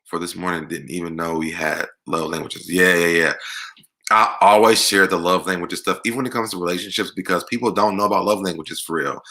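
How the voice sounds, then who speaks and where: A man's voice: low voice, fairly even intonation, a little fast, pushed and bright. A young man hosting a livestream, reading viewer comments aloud and answering them in a chatty, laughing way. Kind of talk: casual chat.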